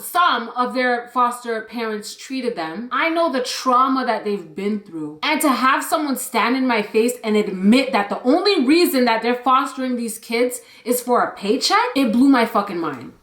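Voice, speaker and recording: A young woman vlogger telling a storytime story in an animated, blunt way, swearing freely. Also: on the high side, roomy sound. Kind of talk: storytime vlog.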